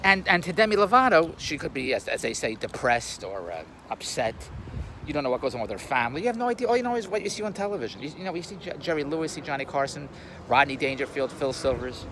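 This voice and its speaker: A man's voice: fairly high pitch, very animated, fast talker, bright, forceful tone, a little hiss or hum. An older man giving a blunt, rambling monologue to a camera on a tripod, repeating words and laughing at his own jokes. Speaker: YouTube commentator.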